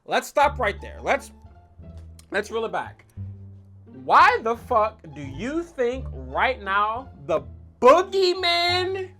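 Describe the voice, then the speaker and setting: A woman recapping an old wrestling storyline in a casual, excitable, slang-heavy style, full of swearing. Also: on the high side. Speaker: wrestling commentary vlogger.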